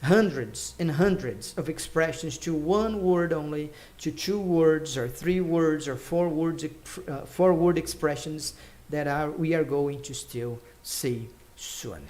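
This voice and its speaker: High-voiced man teaching English. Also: darkish tone. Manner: chatty, explains slowly, counts aloud. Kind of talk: casual online English lesson.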